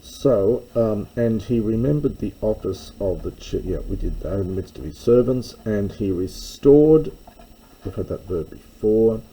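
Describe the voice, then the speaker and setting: Man, low voice, slow pace, Bible Greek lesson, thinks aloud with fillers. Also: expressive, warm tone, breathy edge, poor audio. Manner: unhurried, thinking aloud with fillers and self-corrections. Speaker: Bible teacher.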